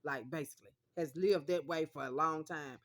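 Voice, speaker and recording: A woman's voice: low voice, moderate pace. Emphatic woman vlogging. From Mississippi, US South. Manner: emphatic, repetitive, calls listeners honey. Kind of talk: casual monologue to viewers.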